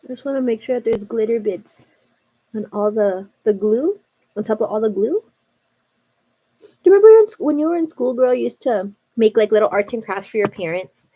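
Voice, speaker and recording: A chatty woman with a slightly high voice hosts a live makeup session. She talks casually and confidingly to her viewers as she works, filling her speech with "like" and calling them "girl". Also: lively intonation, a little fast, dark tone, husky. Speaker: livestream beauty host. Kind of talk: casual makeup tutorial chat.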